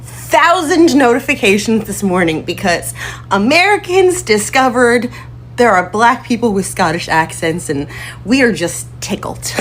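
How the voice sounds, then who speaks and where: A woman's voice: high-pitched, very animated, measured pace, a bit bright, slight background noise. A woman gushing with delight in a casual reaction monologue, often breaking into laughter. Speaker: TikTok creator.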